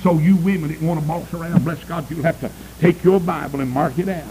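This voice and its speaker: A man's voice: steady tone, brisk, warm tone, a little hiss or hum, poor audio. A male preacher, delivering a fiery sermon and calling out to the congregation for amens. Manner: emphatic, swooping pitch, calls for amens.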